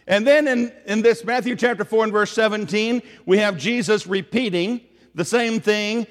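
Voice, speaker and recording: A man with a Tennessee Southern accent and a high-pitched voice preaches a sermon at normal speed in a large hall. He's earnest and conversational, frequently asking his listeners questions.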